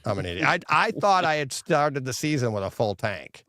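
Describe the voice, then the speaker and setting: A middle-aged man chatting casually as a show co-host, telling a story and raising his voice as he quotes himself. His voice sits at a medium pitch. The sound is dry and close, with little room echo. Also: moderate pace. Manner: animated storyteller, quoting himself in a raised voice. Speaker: podcast co-host. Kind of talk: casual chat. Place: home theater room.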